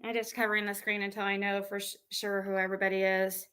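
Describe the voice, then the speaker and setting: A woman's voice: medium pitch, flat delivery, fast talker, sharp tone, smooth, rough recording. A woman with a cold hosting a casual livestream chat, rambling and exasperated, full of fillers and restarts. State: has a cold. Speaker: livestream host.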